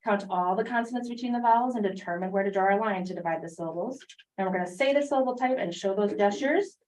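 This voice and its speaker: Teacher prompting students, voice from afar. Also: female voice, medium pitch, darkish tone, slight background noise. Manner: brisk, prompting, encouraging questions. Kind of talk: classroom phonics instruction. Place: classroom. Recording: distant classroom mic.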